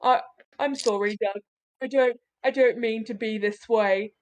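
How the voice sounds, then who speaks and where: Timid stammering male ogre, gentle and forgetful, played by a woman at a game table. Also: fairly high pitch, steady tone, measured pace, natural voice. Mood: timid, apologetic. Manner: stammering, hesitant.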